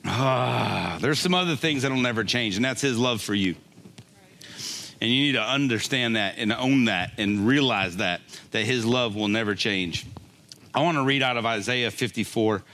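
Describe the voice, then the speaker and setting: A man's voice: medium pitch, moderate pace, gravelly, pushed and bright. An older man preaching a conversational sermon, often laughing and checking in with a "right?". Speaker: pastor.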